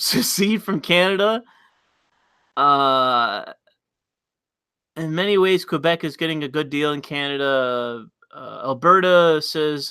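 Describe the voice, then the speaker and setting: Blunt, bright-voiced male livestream host. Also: a little high, clear, resonant tone, no room sound. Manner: blunt, reads chat messages aloud, frequent fillers and restarts. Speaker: livestream host reading chat. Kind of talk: casual livestream commentary.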